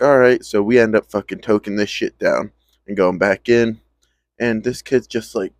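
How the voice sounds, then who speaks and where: A man's voice: on the low side, no room sound. A young man telling a casual story in a slangy, profane, laid-back way, acting out his friends' lines as he goes.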